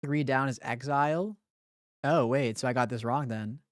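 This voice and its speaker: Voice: mid-range voice, normal speed, no room sound, clean studio sound. A live streamer chatting casually with viewers while solving word puzzles, thinking aloud with blunt, profane banter. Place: home streaming room.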